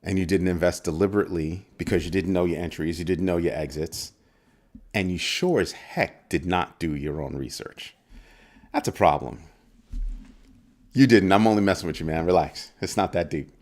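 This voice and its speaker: Playful low-voiced man hosting a crypto stream. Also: fairly quick, a little mellow. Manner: playful, teasing, greets chat viewers by name. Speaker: crypto livestream host. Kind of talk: casual livestream chat. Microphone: desk microphone.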